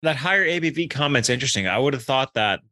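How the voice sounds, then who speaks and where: A man co-hosting a podcast, making halting, self-interrupting remarks in casual chat. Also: mid-range voice, animated, bright, forceful tone. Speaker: podcast co-host.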